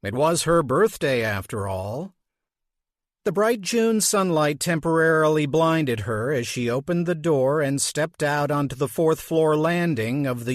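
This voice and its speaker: A man reading an audiobook as narrator, with slow, measured delivery. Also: on the high side, no room sound, clean studio sound. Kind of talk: scripted narration.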